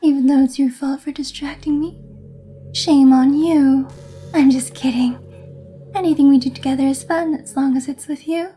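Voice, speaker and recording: A woman voicing a sweet, intense teenage girl who is a club president, reading game dialogue softly and affectionately. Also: sits high, fairly even intonation, normal speed, soft background music, close to an everyday voice. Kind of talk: reading visual novel lines aloud.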